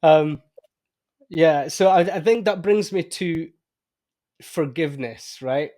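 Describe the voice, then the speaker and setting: A man's voice: on the high side, takes it slowly. A man hosting a podcast, talking candidly and reflectively in casual conversation. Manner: candid, reflective, animated when telling stories. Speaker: podcast host.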